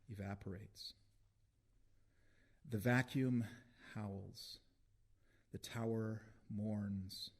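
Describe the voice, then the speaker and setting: A man with a low voice reads poetry live before a launch audience. he takes it very slowly, letting long pauses hang between phrases, each line weighed and deliberate. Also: darkish tone. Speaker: poet reading his work. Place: live book launch in a hall.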